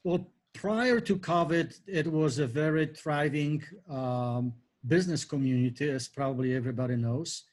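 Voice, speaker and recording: A man from Poland, a business consultant being interviewed as a guest, polite and measured. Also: fairly high pitch, a little mellow. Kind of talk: interview answers.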